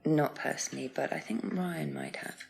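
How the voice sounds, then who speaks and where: An actress playing a plain-spoken village woman with a creaky voice. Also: wildly swooping pitch, moderate pace, a loud crowd, full character voice. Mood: matter-of-fact. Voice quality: creaky, low.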